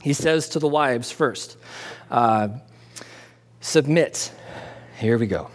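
A pastor delivers an expository sermon in a conversational, lively way, posing questions and then answering them himself, with jokey asides tossed in. His voice sits at medium pitch and moves slowly, and the recording carries a long hall reverb.

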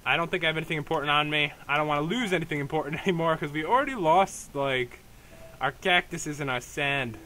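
Rambling young man, bright tone. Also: on the high side, fast talker, a little hiss or hum. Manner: rambling, hesitant, many fillers and restarts. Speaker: let's play host. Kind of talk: casual gameplay commentary.

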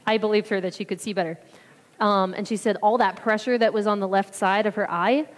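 A woman's voice: medium pitch, steady tone, fairly quick. A woman giving a chatty, rambling mission trip report at church, acting out what people said. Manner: chatty, rambling, acts out quotes. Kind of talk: casual testimony talk. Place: church sanctuary. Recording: reverberant hall.

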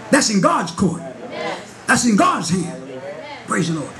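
A man preaching a Pentecostal sermon at a Bible study, telling a story and rising into shouts with call-and-response. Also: high voice, sing-song, measured pace, long pauses. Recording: congregation noise in a church hall. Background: congregation responding.

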